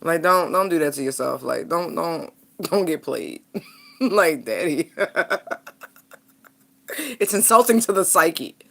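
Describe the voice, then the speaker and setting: A woman's voice: low voice, animated, slow pace, gravelly, pauses often, fairly bright tone. A woman giving a casual tarot reading, talking bluntly and frankly and laughing often. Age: adult parent. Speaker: tarot reader.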